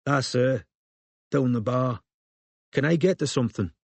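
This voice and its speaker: A man's voice: a little high, completely flat delivery, normal speed, a little mellow, dry recording, pitched above the performer's own voice, close to an everyday voice. A male narrator voicing a shrewd, cagey village barmaid who speaks curtly. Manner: curt, laconic.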